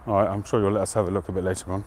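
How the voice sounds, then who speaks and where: A man hosting a live stream outdoors, chatting to viewers in a relaxed, rambling way and greeting them by name. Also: low voice, racing, a little hiss or hum. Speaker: pipe-smoking livestream host. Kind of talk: casual live-stream chat.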